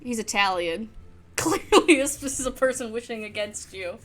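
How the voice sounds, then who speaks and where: A woman streamer giving casual let's-play commentary, expressive, swearing freely and breaking into laughter. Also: a little high, moderate pace. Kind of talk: casual let's-play commentary and reading game dialogue aloud.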